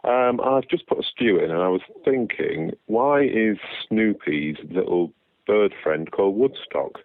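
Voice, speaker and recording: Deep-voiced male caller on a phone line. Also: expressive, measured pace, no echo. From London. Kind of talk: recorded listener question.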